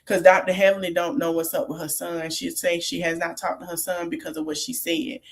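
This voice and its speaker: A woman's voice: fairly low pitch, level tone, a little fast. Chatty woman podcaster recapping reality TV. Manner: chatty, Southern-tinged slang, laughs often. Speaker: podcast host.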